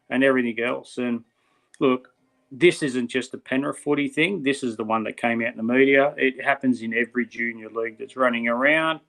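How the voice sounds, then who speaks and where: A mid-range, somewhat bright male voice belongs to a middle-aged Australian co-hosting a podcast. In casual chat he's blunt and fired up, repeatedly calling people "mate".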